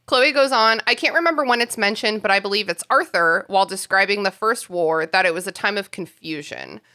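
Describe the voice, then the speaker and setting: A woman's voice: medium pitch, a little fast, pushed and bright. A woman co-hosting a casual podcast, reading a listener email aloud with giggles and self-mocking swearing. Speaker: podcast co-host.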